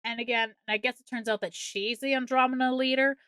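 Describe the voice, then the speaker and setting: A woman co-hosting a movie podcast, recounting a film's plot in casual, exasperated, animated chat with plenty of swearing. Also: on the high side, fairly quick, clean tone, dry recording, clean studio sound. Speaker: podcast co-host.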